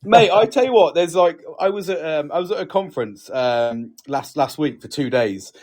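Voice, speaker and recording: A man's voice: a little high, expressive, moderate pace, darkish tone. A British man co-hosting a casual podcast, bantering bluntly with plenty of swearing. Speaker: podcast co-host. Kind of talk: casual chat.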